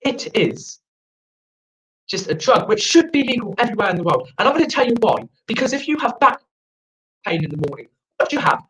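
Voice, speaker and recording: Young South African-born comic over a video call, sweary ranting delivery, pitch leaping all over. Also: male voice, big pitch swings, a little fast, fairly bright tone, rough recording. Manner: profane, rambling, ranting. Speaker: stand-up comedian. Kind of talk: online open-mic stand-up. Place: friend's house, indoors.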